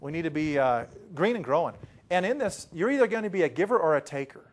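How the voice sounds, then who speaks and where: Man, presentation trainer, fairly high voice, animated storytelling, hushed to loud. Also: quick pace. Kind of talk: lively storytelling to a training group.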